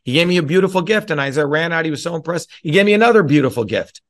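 A middle-aged man lectures a town hall crowd in a fairly high voice. He is blunt and preachy, and he keeps pressing his listeners with "okay?" and "right?". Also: animated, racing. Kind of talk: lecture to a live audience.

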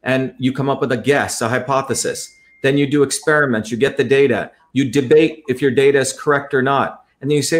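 A man's voice: mid-range voice, fast. A man talking in an interview, explaining at length in an earnest, lecturing way and often repeating his phrases. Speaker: guest.

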